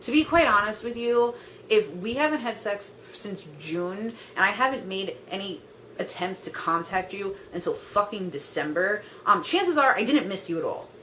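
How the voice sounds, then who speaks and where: A woman's voice: medium pitch, animated, moderate pace, sharp tone, rough recording. A young woman talks straight to her viewers in a blunt, exasperated rant. Her voice sits in a middle register and she swears freely, peppering her sentences with "like". A faint hiss runs under the recording. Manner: blunt, exasperated, profane, lots of "like". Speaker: vlogger. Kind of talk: ranting vlog monologue.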